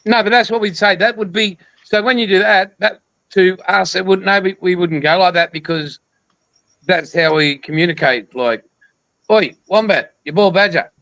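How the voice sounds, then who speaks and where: A higher-pitched Australian man hosts a casual live chat and keeps up a crude, joking banter. His voice is close and dry, with no room around it. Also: moderate pace, vocal fry, bright, forceful tone, dry recording, low-quality recording. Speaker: livestream host.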